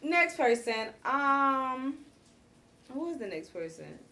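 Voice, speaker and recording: A woman hosting a casual chat show, recapping a reality series in a chatty, animated way with slangy asides. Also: high-pitched, takes it slowly. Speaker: host.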